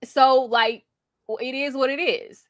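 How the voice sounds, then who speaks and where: A woman co-hosting a casual reality TV recap, opinionated and drawn-out in her storytelling. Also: high voice, steady tone. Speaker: podcast co-host.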